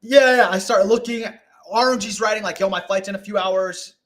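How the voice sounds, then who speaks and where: A young man telling a rambling story as a guest on a live video call, animated and full of swearing and acted-out quotes. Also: sits high, fairly quick. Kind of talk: casual storytelling on a live stream.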